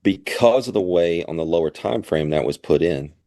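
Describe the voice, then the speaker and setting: A man co-hosting a live trading show, giving steady market commentary. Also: deep voice, normal speed, no room sound, studio quality.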